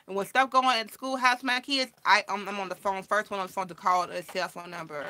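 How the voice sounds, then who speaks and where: A woman tells a story straight to her viewers, bright and forward in tone. She jumps into the voices of the people she quotes and keeps the telling animated from line to line. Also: medium pitch, a little fast. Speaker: vlogger. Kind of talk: casual storytime chat.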